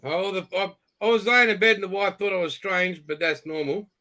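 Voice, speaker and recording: A man's voice: sits high, fairly quick, bright, forceful tone. A man with an Australian accent hosting a live video chat, joking and bantering playfully. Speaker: host.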